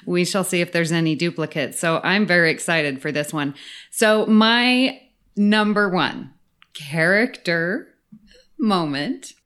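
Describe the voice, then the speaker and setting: A woman's voice: fairly low pitch, animated, slow pace, a bit bright. A woman co-hosting a podcast in casual chat, talking with enthusiasm and frequent laughter. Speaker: podcast co-host.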